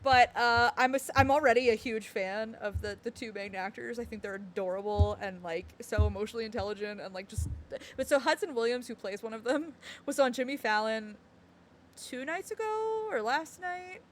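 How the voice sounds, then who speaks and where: A woman's voice: a little high, normal speed. A woman streamer chatting casually and reading game text aloud, giggling often.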